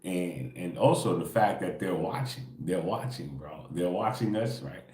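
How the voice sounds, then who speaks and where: Laid-back deep-voiced man rambling, "bro". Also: measured pace, darkish tone, echoey room. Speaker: spiritual livestream host. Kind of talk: early-morning casual livestream talk.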